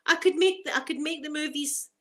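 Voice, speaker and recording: A woman's voice: high-pitched, brisk. Chatty Scottish woman in her forties. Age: 40s. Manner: chatty, self-mocking, laughs often. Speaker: ASMR creator. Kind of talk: casual ASMR chat.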